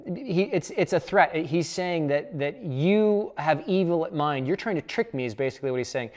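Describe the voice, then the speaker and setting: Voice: mid-range voice, animated, normal speed. Conversational Bible study teacher thinking aloud.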